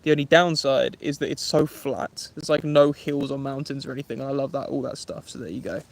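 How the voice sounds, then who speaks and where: On a live stream from a woodland camp, a vlogger in his twenties from England chats casually in an Essex accent, friendly and talkative as he reads viewer names and comments aloud. His voice is medium-pitched and gravelly, steady in tone, and a little fast.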